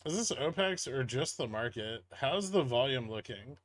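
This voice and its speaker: A man hosting a casual stock-market livestream, reading viewer chat aloud and answering in a relaxed, rambling way. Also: mid-range voice, normal speed.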